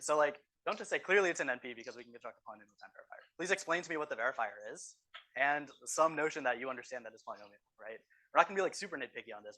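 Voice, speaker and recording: Male TA for a review session: quick delivery, bright voice, keeps asking the room "right?". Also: medium pitch. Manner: explanatory, tags statements with "right?". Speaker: course teaching assistant. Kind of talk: exam review lecture. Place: university classroom.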